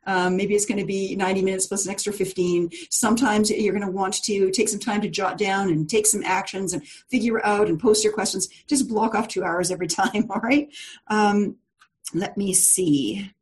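Leading a live class online by video call, this course leader has a medium-pitched voice with fairly even intonation and a moderate pace. She's chatty and encouraging, quick to laugh, prone to fillers and restarts, and talks directly to her students throughout.

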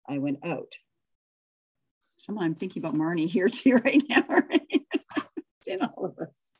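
Woman facilitator, husky tone, expressive storyteller, dull video-call sound. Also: lowish voice. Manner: expressive storytelling, laughs often, quick when chatting. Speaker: workshop facilitator. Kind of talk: reading a rhyming story aloud, then leading group discussion.

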